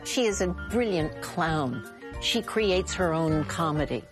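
Older woman, interview, candid anecdotes, low voice, music behind. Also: lively intonation, slow pace, over a noisy crowd. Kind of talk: reflective interview.

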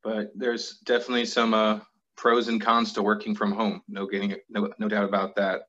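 A man with a fairly low voice talks casually on a video call in a level, unhurried monotone. The sound is dull and lo-fi, picked up by the built-in computer mic. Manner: calls himself monotone, plain and steady. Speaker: guest host reading questions.

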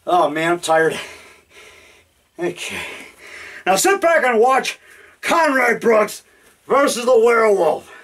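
This low-budget horror filmmaker, in his fifties, talks slowly and pauses often, his high, slightly bright voice very animated. He is making a rambling, boastful, jokey vlog to a camera in his basement, recorded on the camera mic.

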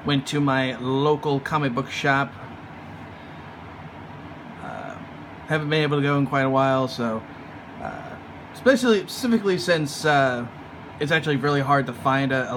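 A man's voice: medium pitch, fairly bright tone, a little hiss or hum. A man hosting a vlog, giving a rambling, profane, sneering comic review full of fillers. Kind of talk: casual ranting review.

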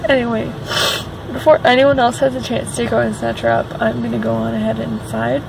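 A gravelly, fry-heavy woman chats into her phone from a parked car. She rambles excitably, stacking fillers as she talks. Car and air-conditioning hum fills the background. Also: on the high side, fairly quick. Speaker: vlogger. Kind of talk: casual chatty vlog. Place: parked car outside a store.

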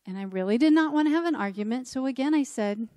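A woman's voice: high-pitched, fast, clear, resonant tone, no room sound. Woman telling a personal faith story. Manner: lively storytelling, acting out dialogue. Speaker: conference speaker at a church event.

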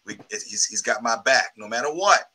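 A man, an actor, speaking haltingly about his co-star in an interview. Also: mid-range voice, animated, sharp tone, rough recording. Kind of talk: interview answers.

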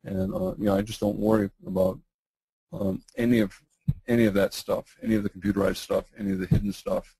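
A middle-aged man with a low, gravelly voice that is going hoarse, answering webinar questions. He talks in a halting way, full of fillers and restarts. His tone is dark and mellow, and the sound is dry and close. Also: big pitch swings, no room sound, poor audio. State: losing his voice, clearing throat. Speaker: guest trading educator.

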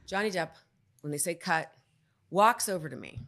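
A woman guest on a podcast telling a story in casual talk, acting out the quotes in a loud voice. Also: fairly low pitch, normal speed. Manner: animated, re-enacting quotes in a loud voice.

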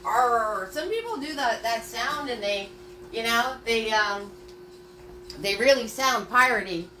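A woman's voice: on the high side, lively intonation, a little slow, sharp tone, a little hiss or hum. A woman leading a live-streamed painting class, chatty and upbeat as she talks viewers through each step. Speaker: paint party instructor.

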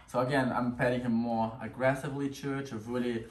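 A man's voice: medium pitch, flat delivery, brisk, hardly any pauses. A man working as a dog trainer, explaining to the owners while he trains, talking in short bursts that break off into commands to the dog. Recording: echoey room, distant mic, noisy background.

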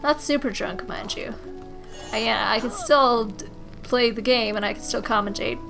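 A woman's voice: a little high, normal speed, gravelly. Tipsy, foul-mouthed young woman gamer. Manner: brash, foul-mouthed, chatty. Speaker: gaming host. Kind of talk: drunk let's-play commentary. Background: game music.

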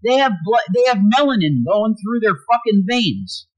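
A man's voice: sits high, very animated, normal speed, low-quality recording. A man hosting a livestream, ranting angrily with constant swearing. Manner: angry profane ranting, swings loud and quiet. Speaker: livestream host.

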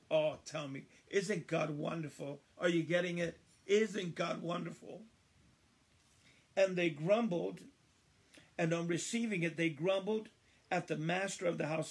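A man leading a livestreamed Bible study, reading verses slowly and emphatically, repeating phrases and chatting to viewers. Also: high voice. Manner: addresses viewers by name, conversational asides.

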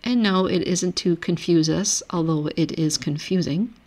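A woman's voice: lowish voice, moderate pace, darkish tone. A woman giving a recorded grammar lecture over a shared screen, patiently reading word lists aloud and explaining each rule step by step. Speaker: language teacher.

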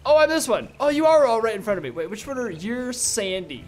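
A man's voice: very high-pitched, big pitch swings, fairly quick. A young man hosting a casual gaming video, cracking crude jokes and laughing often. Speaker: gaming YouTuber host.

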